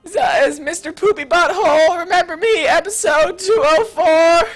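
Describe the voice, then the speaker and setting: Caster doing a goofy cheery cartoon critter, high and bouncy. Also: normal speed, faint music behind. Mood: chipper. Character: Mr. Poopy Butthole, chipper goofy creature.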